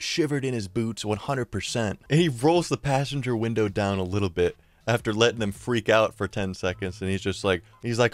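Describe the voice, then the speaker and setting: Excitable young man telling a story. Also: moderate pace, few pauses, no room sound. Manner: excitable, slangy and profane, often rising in pitch and volume. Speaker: storyteller YouTuber. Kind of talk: casual storytime narration.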